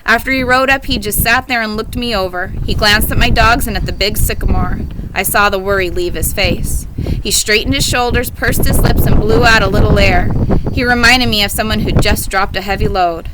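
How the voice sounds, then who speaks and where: A woman reading a novel aloud with expressive storytelling. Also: medium pitch, moderate pace, very noisy. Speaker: audiobook reader.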